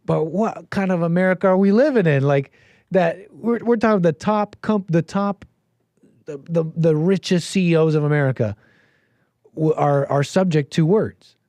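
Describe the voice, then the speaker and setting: A man's voice: fairly high pitch, moderate pace, a little mellow, dry recording. A man hosting a call-in show, talking casually and rambling, with lots of restarts and easy laughs.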